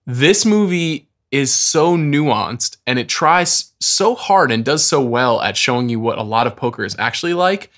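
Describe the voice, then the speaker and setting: A man's voice: mid-range voice, animated, measured pace, hardly any pauses, fairly bright tone. A man co-hosting a casual movie podcast, thoughtful and a little hedging as he picks apart a film. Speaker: podcast co-host.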